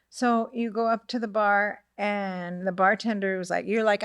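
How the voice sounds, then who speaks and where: A middle-aged woman telling a family story in casual podcast chat, animated, acting out the voices of the people in it and often asking "right?". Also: medium pitch, normal speed, few pauses, clear, resonant tone, no room sound, studio quality. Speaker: podcast co-host, mother of the host.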